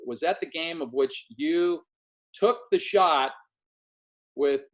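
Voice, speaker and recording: Lively man hosting a casual sports interview. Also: a little high, takes it slowly, vocal fry, highs cut off. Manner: animated storyteller, acts out quotes. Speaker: podcast host and former game announcer.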